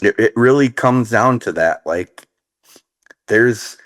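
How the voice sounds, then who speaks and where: A man's voice: medium pitch, animated, takes it slowly, fairly bright tone, dry recording. A man from Minnesota in his thirties, talking earnestly as an interview guest, with many fillers and restarts. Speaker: guest sharing recovery story. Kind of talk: casual conversational interview.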